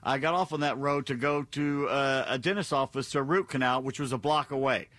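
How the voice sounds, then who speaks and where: Bright-voiced older male radio co-host. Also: medium pitch, a little fast, no echo. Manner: animated anecdote telling, acts out quotes. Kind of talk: talk radio storytelling. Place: radio studio. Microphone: studio microphone.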